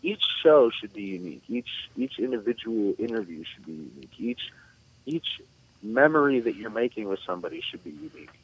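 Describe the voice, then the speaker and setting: Husky man on a dull, lo-fi line. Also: on the low side, fairly quick. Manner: animated, repeats phrases, laughs along. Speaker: musician and radio host, guest. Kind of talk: casual interview chat. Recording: dull lo-fi sound.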